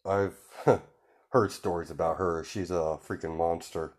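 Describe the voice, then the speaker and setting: A man voicing a grim male crime boss, the older brother, in a low, wary, muttering way. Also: steady tone, unhurried.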